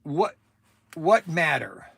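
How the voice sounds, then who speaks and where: A man chats his way through a casual livestream, rambling and often restarting his sentences. His voice sits a little on the high side for a man. The sound is dry, with no room echo. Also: sing-song, slow, vocal fry, fairly bright tone, breathy edge. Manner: chatty and rambling, with many restarts. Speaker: livestream host.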